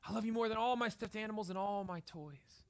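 A man voicing a small four-year-old girl who pleads in a soft half-whisper. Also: high voice, fast talker, pitched above the performer's own voice. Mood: pleading. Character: little girl, about four, sweet and pleading.

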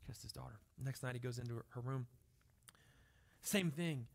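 A man in his thirties preaching a sermon, telling a story softly and then building to loud, emphatic exhortation. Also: medium pitch, fairly quick, vocal fry, long pauses. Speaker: pastor.

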